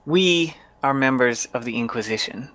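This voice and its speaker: Formal, bright-voiced male player. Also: mid-range voice, no echo. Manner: formal, measured. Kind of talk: in-character speech in a tabletop game.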